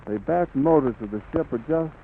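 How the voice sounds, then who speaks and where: A middle-aged man giving steady, flowery live radio commentary. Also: a little high, a little fast, creaky. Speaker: radio reporter. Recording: tinny scratchy 1930s radio recording, faint hiss.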